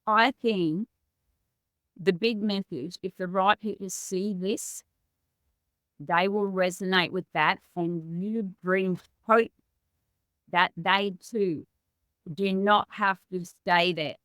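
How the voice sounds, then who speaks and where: A woman's voice: medium pitch, fairly even intonation, takes it slowly, long pauses, a bit bright, clear, resonant tone, no echo. A woman host in a reflective interview, speaking in a thoughtful, affirming and encouraging way.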